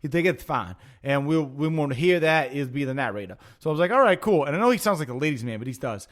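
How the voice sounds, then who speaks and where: A man hosting a podcast, telling stories in casual chat, profane and excitable, acting out quotes. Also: fairly high pitch, quick pace. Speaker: podcast host.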